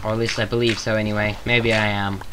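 English man, southern accent, sharp bright tone, chatty self-deprecating gameplay commentator. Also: lowish voice, level tone, fast talker, slight background noise, poor audio. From England. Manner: rambling, self-mocking, jokey asides. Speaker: gaming YouTuber. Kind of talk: rambling Minecraft gameplay commentary.

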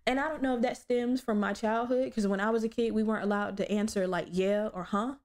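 A young woman hosting her own podcast, telling stories in a blunt, profane, animated way. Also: mid-range voice, fairly quick. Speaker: podcast host. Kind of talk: casual solo podcast chat.

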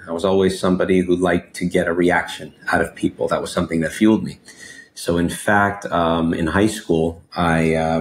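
A man in his forties, born in Mexico and raised in Los Angeles, telling his life story as an interview guest in an expressive, animated way, peppered with "you know". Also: low voice. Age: 40s. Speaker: guest entrepreneur.

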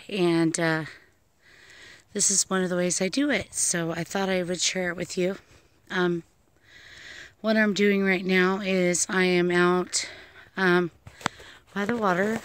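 A woman with a lowish, smooth voice talks in an unhurried, gentle way, like a psychic medium sharing a casual vlog. She is outdoors among trees beside a pond. The sound is dry, with little reflection around her. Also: no echo. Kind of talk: casual vlog talk and spoken prayer.

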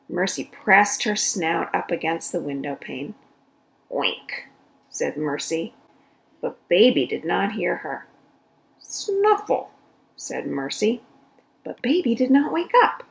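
Slow, animated woman reading aloud. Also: lowish voice, gravelly, rough recording. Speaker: children's story reader. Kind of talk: read-aloud storytelling for kids.

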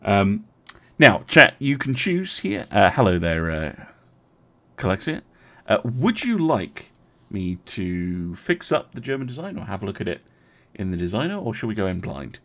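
At a normal speed, a young man streams a strategy game, talking through his choices and answering his chat in casual live gameplay commentary. His low voice is gravelly, and his pitch swings widely up and down as he chats, full of ums and uhs.

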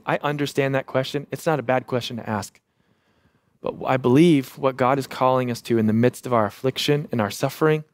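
A man in his thirties, a pastor preaching a sermon and telling a lively family story with self-deprecating humor. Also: mid-range voice, no echo, clean studio sound.

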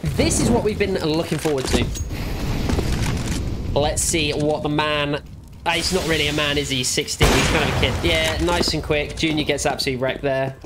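An esports analyst with the hiccups reviews a match demo, giving chatty, blunt, joking commentary over the gameplay footage with frequent fillers. His voice is fairly high-pitched at a moderate pace, and the recording is very noisy.

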